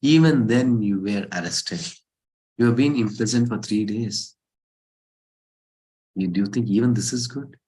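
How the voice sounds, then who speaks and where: A man's voice: on the low side, a little slow, long pauses, darkish tone, close to an everyday voice. A man voicing a proud, short-tempered king in a spoken story. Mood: earnest.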